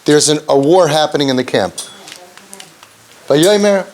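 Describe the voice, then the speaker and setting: A man giving a Torah lesson, telling the story with lively, acted-out quotes. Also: unhurried. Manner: animated storytelling, acting out quotes with pitch jumps; mixes Hebrew and Yiddish terms into English.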